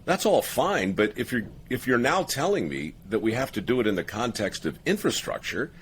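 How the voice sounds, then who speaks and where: A man's voice: mid-range voice, big pitch swings, moderate pace, fairly bright tone, a little hiss or hum. A man hosting a podcast, talking emphatically and laughing often in casual conversation. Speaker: podcast host.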